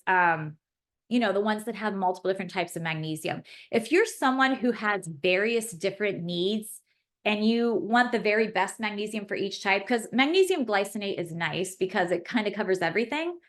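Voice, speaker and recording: A woman pharmacist hosting a live webinar class, chatty and effusive as she reads the chat and answers questions aloud. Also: mid-range voice.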